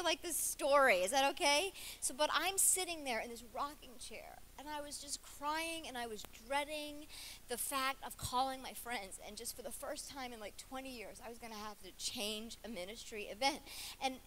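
A middle-aged woman guest preacher telling a personal story in a chatty, animated sermon to a church conference crowd. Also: high-pitched, normal speed, slight background noise. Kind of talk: conversational sermon.

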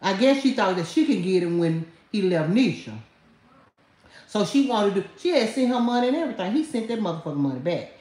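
Animated woman ranting in an echoey room. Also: mid-range voice, a little fast. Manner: mocking, laughing, talks directly to viewers. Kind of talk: trash-talking livestream rant.

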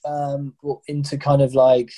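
A young adult man from England with an English accent, a skydiving guest who talks in a halting way with many repeated words and fillers. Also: medium pitch, monotone, warm tone, low-quality recording. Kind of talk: casual podcast interview.

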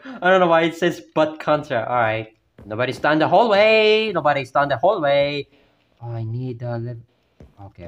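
A man's voice: mid-range voice, a bit bright. A man commenting on a horror game playthrough at home, talking to himself and yelping at every scare. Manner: jumpy, yelps and exclaims at scares, chatty self-talk. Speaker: gamer playing a horror map. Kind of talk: gameplay commentary. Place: at home with family nearby.

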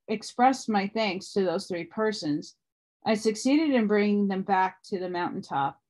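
A woman reading a book aloud at a steady pace, with small restarts along the way. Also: mid-range voice. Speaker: audiobook reader.

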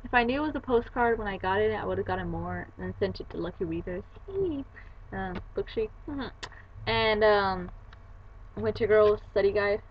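A woman's voice: medium pitch, normal speed. Young woman, book vlogger, chatty storyteller; lo-fi webcam audio, faint hiss. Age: young adult. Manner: chatty, retells scenes with quoted voices. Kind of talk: casual chat.

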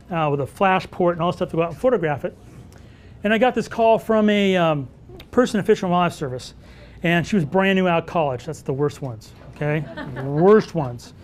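A man teaching wildlife photography at a live workshop, telling stories and answering audience questions in an animated way. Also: high voice. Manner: animated storyteller who acts out dialogue.

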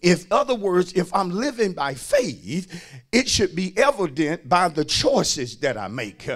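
High, lively man. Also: a little slow. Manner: call-and-response preaching, swinging between shouts and hushed lines; repeats words and phrases for emphasis. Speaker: pastor. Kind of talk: sermon.

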